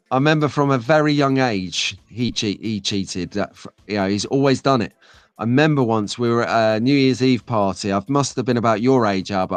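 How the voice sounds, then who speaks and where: A man's voice: medium pitch, clean tone, no echo. Guy rambling on his live stream, dry close sound, faint music behind. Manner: chatty, rambling, reads chat comments aloud. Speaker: host of a live stream show. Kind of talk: casual live-stream chat.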